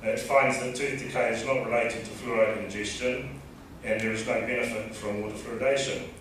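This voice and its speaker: A man with a New Zealand accent giving a measured lecture presentation as a dentist, with a dry sense of humor. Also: mid-range voice, fairly even intonation, fairly bright tone, a little hiss or hum. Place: lecture hall. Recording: distant echoey hall mic.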